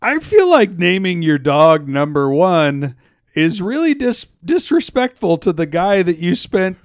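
Young male co-host, slightly high voice, rambling casual chat, stumbles over words, laughs a lot, dry close sound. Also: very animated, unhurried, clear, resonant tone, no echo. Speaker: podcast co-host.

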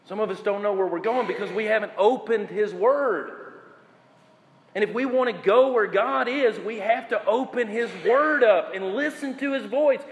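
Male pastor, higher voice, emphatic sermon delivery, long hall reverb. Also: dull audio. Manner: preaching with slow emphatic phrases and questions to the congregation.

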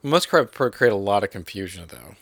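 A man's voice: fairly low pitch, animated, brisk, husky, no room sound. A man co-hosting a podcast in casual chat, trading playful, teasing banter. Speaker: podcast co-host.

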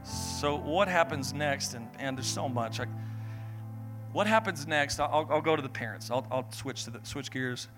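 A young man preaching an energetic sermon, acting out Bible figures and family members in quick voices. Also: mid-range voice, faint music behind.

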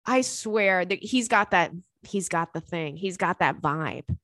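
A young woman hosting a podcast in casual chat, animated and profane, laughing often between thoughts. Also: fairly low pitch, a little slow, dry recording, clean studio sound. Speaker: podcast host.

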